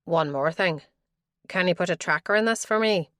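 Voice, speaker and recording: Woman reading a brisk male detective. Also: sits high, bright, forceful tone, dry recording, studio quality. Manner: direct, businesslike. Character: plain-spoken male detective.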